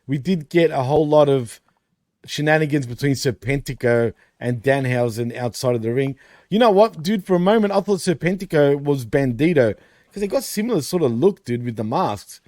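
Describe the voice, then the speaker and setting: A man's voice: medium pitch, expressive, fairly quick, darkish tone, no echo. Laughing man recapping wrestling, dry mic. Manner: laughs often, swears, says dude and bro. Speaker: co-host. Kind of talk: casual wrestling recap podcast.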